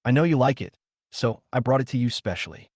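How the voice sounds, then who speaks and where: A man voicing a caring teenage schoolboy in a recap story, speaking a little higher and earnestly. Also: lively intonation, fairly quick, a little mellow, dry recording, studio quality, close to an everyday voice. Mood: concerned. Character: young male student, caring friend.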